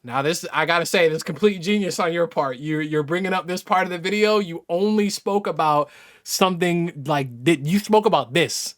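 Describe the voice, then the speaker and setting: A man doing casual reaction commentary, exasperated and incredulous, swearing and swinging from muttering to loud outbursts. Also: on the high side, normal speed. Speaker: gaming YouTuber reacting to a response video.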